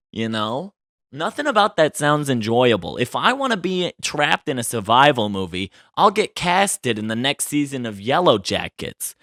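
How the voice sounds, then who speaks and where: Chatty, bright-voiced male podcast host. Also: medium pitch, no echo, studio quality. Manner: expressive and chatty, with frequent tag questions. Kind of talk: casual celebrity gossip chat.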